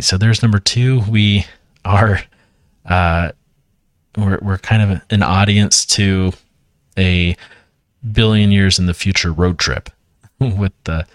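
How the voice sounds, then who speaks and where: Low-voiced man, hushed bedtime-style story reader, dry close sound. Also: no echo. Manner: quiet, hushed delivery. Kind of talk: hushed late-night story reading with casual asides.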